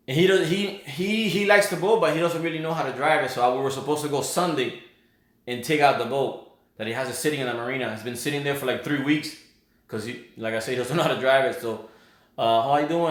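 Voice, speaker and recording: A man's voice: mid-range voice, a bit bright. A man hosting a casual live stream, rambling and greeting his viewers by name and place. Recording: roomy echo.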